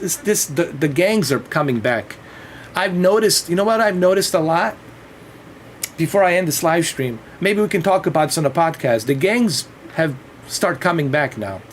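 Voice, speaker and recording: A man's voice: on the high side, slight background noise. A man chatting casually on a livestream, rambling and swearing freely. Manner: rambling and profane, with frequent restarts and laughs.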